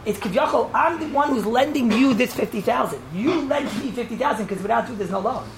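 A woman teaching an informal class on Jewish law to a live group. She talks conversationally, keeps checking in with "right?", and restates points to make them clear. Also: fairly high pitch, lively intonation, brisk, background noise. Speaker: religious teacher.

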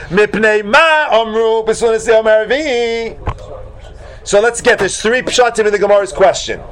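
Animated man teaching a Talmud class. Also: sits high. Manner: animated, acts out voices in the debate, bursts into shouts. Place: classroom with students.

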